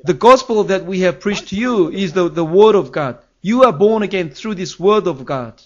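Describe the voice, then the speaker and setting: A man's voice: high-pitched, expressive, moderate pace, highs cut off. A man preaching a sermon as pastor, earnest and emphatic, his voice rising on key phrases.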